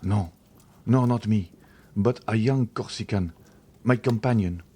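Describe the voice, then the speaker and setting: A man's voice: lowish voice, unhurried, dark tone, slight background noise, lightly acted. A man voicing a frightened, sly male ex-convict who pleads and dodges questions. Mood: pleading. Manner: pleading, evasive.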